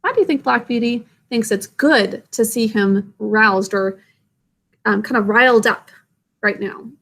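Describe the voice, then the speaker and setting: A woman reads a storybook aloud to children, stopping to ask them gentle questions and explain words. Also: a little high, unhurried. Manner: gentle questions to young listeners.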